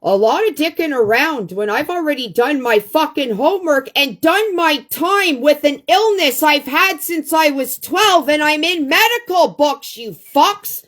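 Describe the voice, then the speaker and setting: A blunt, foul-mouthed woman talks straight to her viewers over a phone livestream. Her pitch leaps all over the place while she takes her time with the words. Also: expressive, measured pace, hardly any pauses, a bit bright. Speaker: livestream host. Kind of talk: profane ranting livestream monologue.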